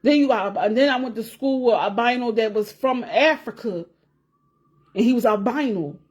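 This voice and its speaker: Rambling, swearing woman vlogger with a high voice. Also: normal speed. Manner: rambling, repeats herself, swears freely, laughs as she talks. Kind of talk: casual chat to camera.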